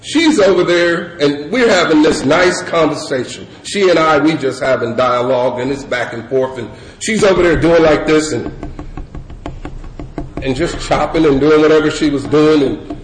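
A middle-aged man from California telling a rambling, laughing personal story to a crowd, full of fillers. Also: normal speed. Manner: loose rambling storyteller, many fillers, breaks into high laughing voice. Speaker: speaker sharing recovery story. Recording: echoey room with crowd noise.

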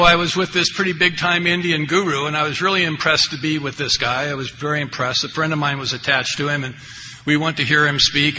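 Speaking at a recovery meeting, this older man wanders through a wry personal share full of offhand asides. His pitch is on the high side and his tone is bright and forceful. Faint background noise carries through an echoey hall.

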